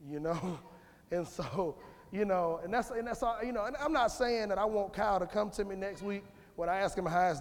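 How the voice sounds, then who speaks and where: Guy preaching casual in church, kinda rambly, voice a bit high, big echoey hall. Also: a little mellow. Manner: conversational and rambling, with restarts, asks the congregation for amens. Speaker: lay speaker giving a church message. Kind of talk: informal sermon. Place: church sanctuary. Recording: long church hall reverb.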